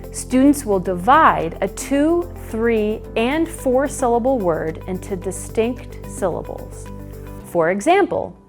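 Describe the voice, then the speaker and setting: A woman reading a scripted teaching guide and pronouncing each syllable slowly and clearly. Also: mid-range voice. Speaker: curriculum narrator. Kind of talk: scripted instructional narration.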